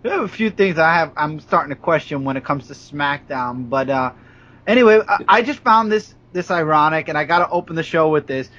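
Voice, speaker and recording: High-voiced, opinionated Brooklyn podcast co-host. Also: male voice, lively intonation, fairly quick, sharp tone, highs cut off. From Brooklyn, New York. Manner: opinionated, playful insults, rambling. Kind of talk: casual wrestling chat.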